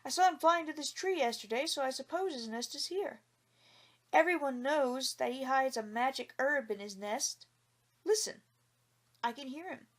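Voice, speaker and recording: A woman voicing a poor, clever young man who tricks a farmer with polite, calm words in a storybook reading. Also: high voice, normal speed. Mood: sly polite.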